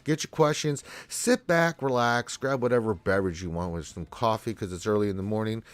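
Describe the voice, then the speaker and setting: A man's voice: lowish voice, fairly quick, no room sound. A man hosting a live question-and-answer stream, congested from allergies, talking in a rambling, laid-back way to his chat viewers. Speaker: livestream Q&A host.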